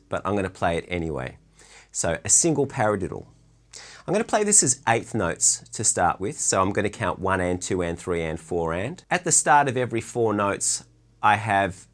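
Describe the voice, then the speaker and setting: A man giving a relaxed, chatty drum lesson from his drum room, counting beats aloud as he explains stickings. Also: sits low. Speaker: drum teacher.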